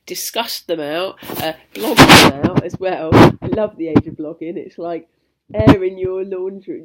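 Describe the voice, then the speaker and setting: Frank rambling woman vlogger. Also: mid-range voice. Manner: rambling, frank, swears freely, restarts often. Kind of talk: candid personal vlog monologue.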